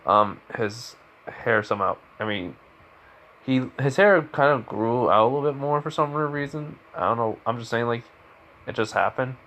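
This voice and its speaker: Man, casual improvised fan story, rambling, mid-pitched voice. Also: normal speed, a bit bright. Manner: rambling, full of fillers and restarts.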